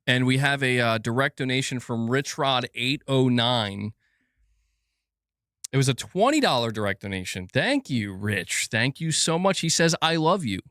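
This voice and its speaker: A man's voice: mid-range voice, animated, normal speed, fairly bright tone, no room sound, studio quality. A man hosting a casual gaming news livestream, reading donations aloud and joking and laughing with his chat.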